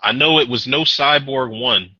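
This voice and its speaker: A man's voice: medium pitch, moderate pace, pushed and bright, slightly rough, no room sound, dull audio. A man co-hosting a podcast in casual, profane, ranting chat about movies, with a sore throat. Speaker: podcast co-host.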